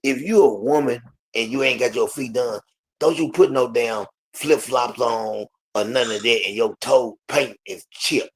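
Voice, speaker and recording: A man's voice: mid-range voice, measured pace, slightly rough. A man in casual conversation who talks in an emphatic drawl and repeats his points. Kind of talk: casual chat.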